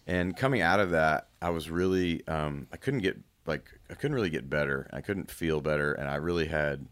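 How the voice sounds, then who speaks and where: A man in his thirties talking candidly as a guest, reflective and halting, with frequent restarts. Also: a bass voice, a bit bright. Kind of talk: candid personal conversation.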